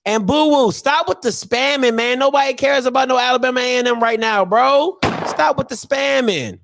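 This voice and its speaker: Man, high-pitched sports talk host, hyped and chatty. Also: fairly quick, gravelly. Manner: animated, swings between loud hype and muttering. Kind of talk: live call-in sports talk show.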